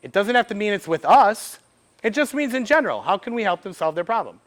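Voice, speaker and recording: A man, giving a lively workshop talk to a live audience, acting out short bits of dialogue and asking the room questions. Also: high-pitched, brisk. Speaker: speaker at a business event. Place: event room before an audience.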